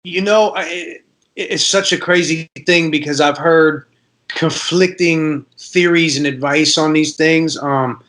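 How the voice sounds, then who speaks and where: A man from Detroit, a rapper guest, telling stories in a casual podcast interview and acting out the voices of people in them. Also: fairly high pitch. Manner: animated storyteller, acts out voices.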